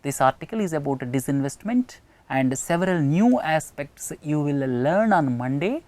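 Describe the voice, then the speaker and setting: A woman's voice: low-pitched, lively intonation, moderate pace, a little mellow. A woman with an Indian English accent giving a recorded lecture on an editorial, explaining word meanings and repeating key phrases for emphasis. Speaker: English teacher.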